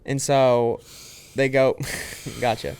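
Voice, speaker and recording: A young man chats on a casual movie podcast, hurrying through a plot recap full of "and then" and little quoted bits. His voice is smooth and clear, sitting at an ordinary middle pitch. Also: level tone, slow, darkish tone. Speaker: podcast co-host.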